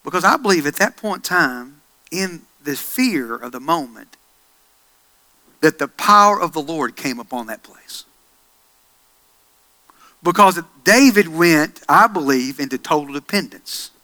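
A middle-aged male pastor preaching a sermon, swinging from hushed storytelling to loud, excited passages. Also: fairly high pitch, a little slow, long pauses.

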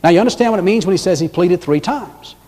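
A man preaching a sermon, swinging from loud, emphatic lines to hushed, drawn-out ones. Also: high-pitched, lively intonation, big-room sound. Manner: dramatic swings between loud emphasis and hushed, slow delivery. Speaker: pastor.

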